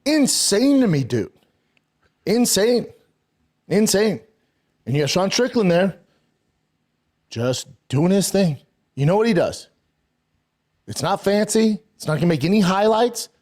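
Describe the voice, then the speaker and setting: Man, podcast rant, emphatic, profane, slightly high, lively pitch. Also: normal speed, long pauses. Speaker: podcast host.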